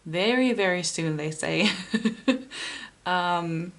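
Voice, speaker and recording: Slow, gravelly-voiced woman reading tarot. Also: fairly low pitch. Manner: soft, unhurried and encouraging, with many fillers. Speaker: tarot card reader. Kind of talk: pick-a-card tarot reading.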